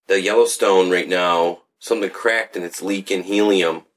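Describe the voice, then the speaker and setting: Deep-voiced laid-back male podcaster. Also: steady tone, normal speed. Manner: laid-back slang, says dude and word. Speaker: podcast co-host. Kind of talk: casual chat.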